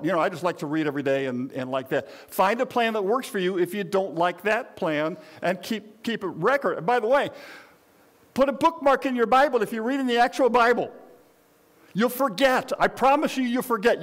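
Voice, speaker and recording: Older male pastor, high voice, rambling folksy sermon style. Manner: conversational, rambling with frequent restarts and asides.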